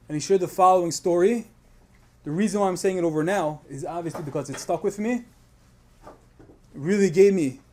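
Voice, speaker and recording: A man with a high voice delivers a storytelling sermon at a religious program. He speaks earnestly, and the emotional weight of his telling keeps building. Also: warm tone. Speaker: speaker at a Tisha B'Av program.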